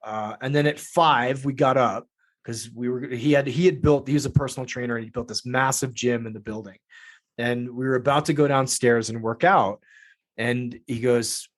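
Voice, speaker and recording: A man telling a story as a podcast guest, lively and profane. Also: mid-range voice, moderate pace. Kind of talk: casual storytelling.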